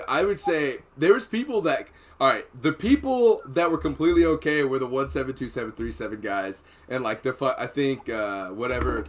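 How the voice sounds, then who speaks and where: A man and former Marine telling profane, rambling war stories in a casual podcast chat. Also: mid-range voice. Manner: profane, rambling, animated storytelling. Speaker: podcast host.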